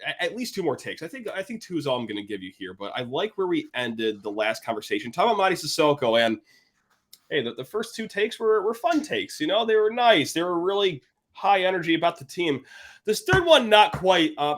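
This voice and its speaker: A man hosting a sports podcast, his voice a little higher than most and swinging widely in pitch. He talks in a casual, playful way, hamming up an ad read like an eager salesman. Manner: animated, playful salesman energy. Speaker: podcast host.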